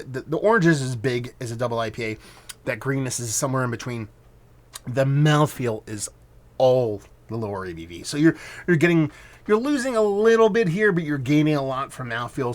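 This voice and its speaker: A man giving a casual beer review, rambling loosely, swearing now and then, and correcting himself as he goes. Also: mid-range voice. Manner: muses aloud, trails off and corrects himself.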